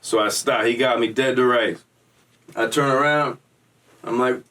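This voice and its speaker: A man's voice: mid-range voice, normal speed, a bit bright, distant mic. A man telling a story in a casual, slangy, streetwise way. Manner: slangy, streetwise, acts out quoted voices.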